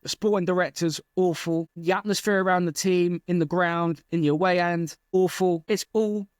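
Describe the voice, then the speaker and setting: Ranting man, fairly high voice. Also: steady tone, moderate pace, clear, resonant tone, no room sound, clean studio sound. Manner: passionate, exasperated, repetitive ranting. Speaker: football fan channel host. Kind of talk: angry fan rant to camera.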